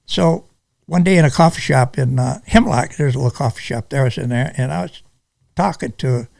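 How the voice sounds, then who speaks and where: An older man from Michigan, a retired police sergeant, telling stories in an interview in a halting, unhurried way with many restarts. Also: medium pitch, gravelly, a little mellow, no room sound. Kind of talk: casual storytelling interview.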